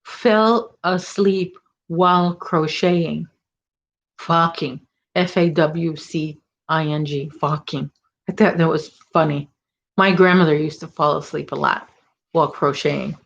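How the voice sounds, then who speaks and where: A woman's voice: low-pitched, fairly even intonation, a little slow, creaky, lo-fi sound. A middle-aged woman hosting a casual crochet live stream, chatting and rambling as she reads viewer comments. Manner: chatty, rambling, self-correcting. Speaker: crochet channel host.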